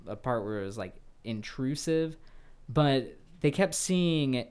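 A man's voice: medium pitch, animated, takes it slowly, darkish tone, smooth. Laid-back man telling a spooky story. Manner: laughing storyteller, loose and swearing. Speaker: podcast co-host. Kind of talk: casual podcast chat.

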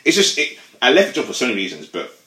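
A man's voice: medium pitch, echoey room. A man from co-hosting a casual podcast, rambling and often correcting himself mid-sentence. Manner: rambling, fast, lively, self-correcting. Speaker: podcast co-host.

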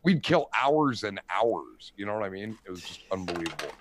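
A middle-aged man telling prank stories in casual chat, animated and profane, often asking "you know what I mean". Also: lowish voice, a little fast, a little hiss or hum.

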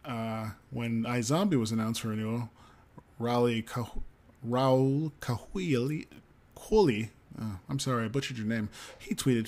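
A man's voice: mid-range voice, a little fast, darkish tone. Man reading news on a podcast. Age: adult parent of a young child. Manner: reads stories aloud with frequent ums and asides. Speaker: podcast co-host. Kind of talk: casual news roundup.

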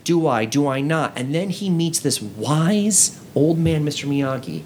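A man's voice: on the high side, lively intonation, a little slow, a little mellow, slight background noise. A man co-hosting a casual podcast among friends, telling stories earnestly and acting out the lines he quotes. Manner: earnest storytelling, acting out scenes in quoted voices. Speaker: podcast co-host.

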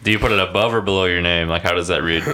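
A man chatting casually on a podcast, teasing his friends with quick quips. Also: low voice, fairly even intonation, sharp tone. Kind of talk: casual chat. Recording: noisy background.

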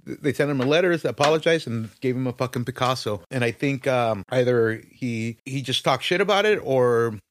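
A man's voice: medium pitch, moderate pace, hardly any pauses, dry recording, clean studio sound. A man co-hosting a casual podcast chat, blunt and swearing casually. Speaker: podcast co-host.

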